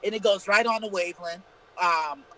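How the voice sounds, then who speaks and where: A man's voice: high voice, moderate pace, bright, forceful tone, low-quality recording. A man co-hosting a casual live-streamed talk show, telling profane, rambling stories. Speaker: podcast co-host. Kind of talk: casual storytelling chat.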